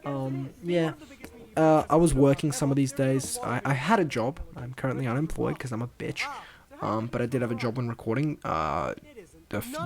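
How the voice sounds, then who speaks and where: A young man giving a casual, rambling video commentary, self-deprecating and full of fillers, swinging between mumbling asides and excited bursts. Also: mid-range voice. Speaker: video creator.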